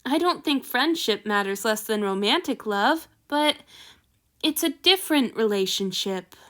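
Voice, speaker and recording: A woman reading the lines of a gentle, affectionate male god lord in a soft, tender, teasing way. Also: fairly high pitch, lively intonation, a little slow.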